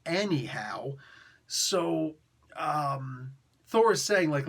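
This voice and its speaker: A man's voice: on the high side, animated, normal speed, fairly bright tone. A man giving a casual comic book review, retelling the story in slang and laughing often.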